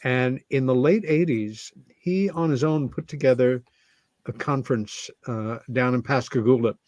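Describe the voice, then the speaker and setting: A man interviewing a guest on a video call, speaking casually and haltingly with fillers. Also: mid-range voice, darkish tone, no echo. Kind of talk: casual conversation.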